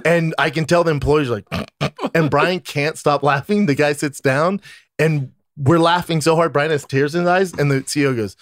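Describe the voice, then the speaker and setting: A man's voice: on the high side, normal speed, no echo, studio quality. A man co-hosting a podcast, telling profane stories in casual chat. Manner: loud, profane storyteller. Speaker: podcast co-host.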